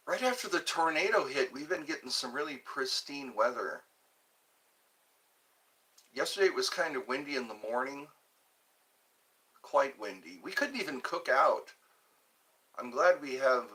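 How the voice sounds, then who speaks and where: A man's voice: mid-range voice, pushed and bright, slightly rough. A man from the hosting a casual livestream, rambling and reading chat messages aloud. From Georgia, USA. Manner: rambling, reads chat aloud, chuckles to himself. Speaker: livestream host. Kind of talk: casual live-stream chat.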